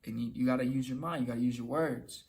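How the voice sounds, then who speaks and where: Speaking to camera with casual motivational advice, this young man has a mid-range, darkish voice with vocal fry and fairly even intonation. His self-help talk is loose and conversational, with repetition and little acted-out quoted lines.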